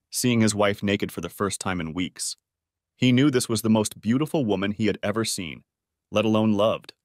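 Male narrator for audiobook reading, steady delivery, lively intonation. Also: on the low side, dry recording, clean studio sound. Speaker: story narrator.

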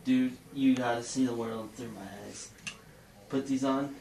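A man's voice: mid-range voice, fairly even intonation, unhurried, warm tone, lightly acted. A young man playing a dazed, spaced-out friend. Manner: vague, dazed, repeating questions. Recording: echoey room, far from the camera mic, noisy.

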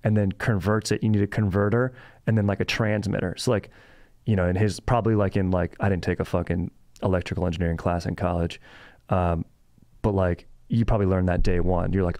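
A man's voice: sits low, level tone, a little fast, darkish tone, no room sound, clean studio sound. A young adult man hosting a comedy podcast, rambling casually with fillers and swearing. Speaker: podcast host.

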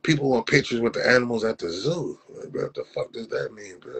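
Husky young man ranting on livestream. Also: medium pitch, a little fast, low-quality recording. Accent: Southern California. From Compton, California. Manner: animated ranting, heavy slang and profanity. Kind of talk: casual livestream rant.

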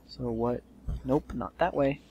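Man raging over gameplay, gravelly voice. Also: medium pitch, unhurried, muffled recording, slight background noise. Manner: swears and yells in frustration. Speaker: let's play gamer. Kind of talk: casual gameplay commentary.

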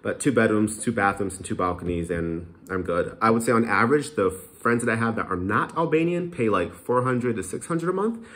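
A man with a somewhat low voice talks straight to the camera in a casual, unscripted vlog. He rambles frankly and fills pauses with plenty of ums and uhs. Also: expressive, a bit bright. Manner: frank, chatty, rambling with many fillers. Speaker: vlogger.

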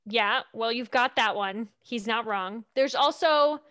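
A woman's voice: on the high side, measured pace, fairly bright tone, clean tone. A woman narrating a tabletop game as its game master, playful and amused.

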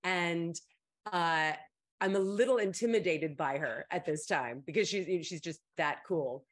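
A middle-aged woman, host of an advice stream, telling a story in a casual chat and jumping into high voices to quote people. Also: a little slow.

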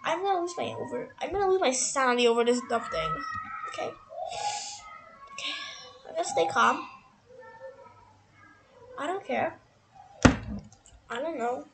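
A young gamer giving casual gameplay commentary, hoarse from screaming and talking in an excitable, dramatic, complaining way. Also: high-pitched, measured pace, long pauses, very noisy.

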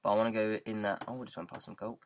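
A man's voice: fairly low pitch, steady tone, very fast. A man with a British accent giving casual, rambling gameplay commentary into a headset mic, goofing around and repeating words in silly riffs. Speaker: gaming YouTuber.

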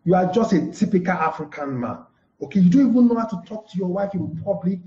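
A man's voice: high voice, lively intonation, fast talker, dark tone, echoey room, muffled recording. A man acting out an offended wife scolding her husband. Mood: indignant. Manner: indignant, complaining.

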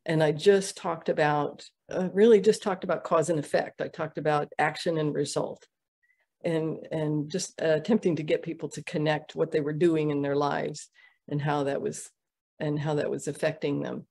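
A middle-aged woman telling a story in a podcast interview, halting with many fillers and restarts. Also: low-pitched, little pitch movement, creaky, a little mellow, slightly rough. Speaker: interview guest, Ayurvedic practitioner. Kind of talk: conversational storytelling.

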